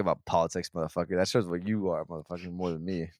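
A man's voice: deep voice, steady tone, quick pace, darkish tone, dry recording, clean studio sound. A young man telling a rambling, profane story in a casual podcast chat. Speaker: podcast co-host.

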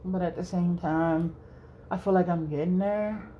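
A woman's voice: fairly low pitch, steady tone, unhurried, highs cut off, a little hiss or hum. A young woman hosting a solo podcast, rambling casually, swearing freely and laughing often. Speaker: podcast host.

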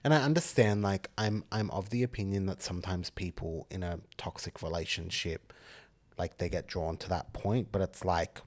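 A man, co-hosting a podcast in relaxed, agreeable chat full of fillers. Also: low-pitched, moderate pace. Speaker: podcast co-host. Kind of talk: casual chat.

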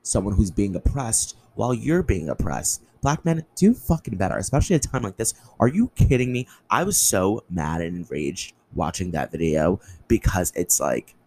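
A man's voice: sits low, sing-song, normal speed, few pauses, mellow, breathy edge, rough recording. A young man hosting a solo podcast, ranting in an impassioned, angry way with lots of swearing. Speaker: podcast host.

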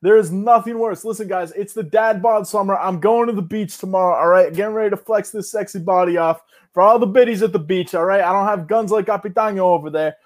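A man with a notably high speaking voice, chatting on a podcast as a guest. He talks in a loud, hyped-up, bro-ish way, full of banter. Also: fast, hardly any pauses. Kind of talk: casual podcast chat.

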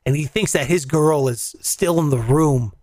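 A man hosting a show, telling a story in casual, profane, animated chat and acting out the voices in it. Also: a little high, normal speed, no room sound. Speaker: radio show host. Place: in Las Vegas.

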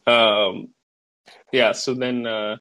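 A young man co-hosting a casual podcast, retelling movie scenes with lots of laughter and loud acted-out quotes. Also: mid-range voice, little pitch movement, drawn-out words. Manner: laughs often, acts out quotes in a raised voice. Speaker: podcast co-host.

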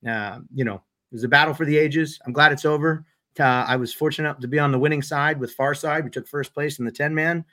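A man's voice: on the high side, steady tone, brisk, bright, forceful tone. A man co-hosting a podcast, telling a self-deprecating paintball story in a casual way. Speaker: podcast co-host and paintball player.

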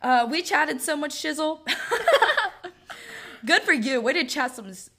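A woman's voice: high voice, expressive, moderate pace, noisy background. A young woman co-hosting a podcast, chatting casually, rambling with lots of fillers and giggles. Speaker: podcast co-host. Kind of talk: casual chat.

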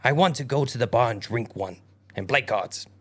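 A man's voice: mid-range voice, moderate pace, breathy edge, close to an everyday voice. A man voicing a grumbling male coachman who curses his employers. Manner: cursing, grumbling.

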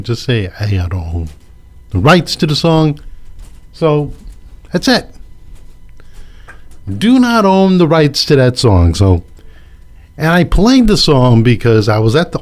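Slow, lively-voiced male commentator. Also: medium pitch. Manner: emphatic and repetitive, sarcastic asides. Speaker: local political commentator. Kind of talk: casual opinion monologue.

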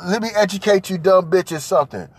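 A man hosting a podcast, ranting loudly and profanely in a comedic monologue and repeating his points. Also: high-pitched, brisk, husky. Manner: loud, profane, repetitive ranting. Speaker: podcast host. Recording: noisy home recording.

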